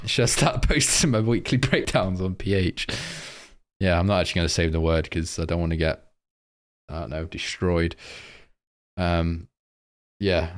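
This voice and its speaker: A man's voice: deep voice, smooth. A young man, casually going over forex charts on a live stream and reading out viewer comments.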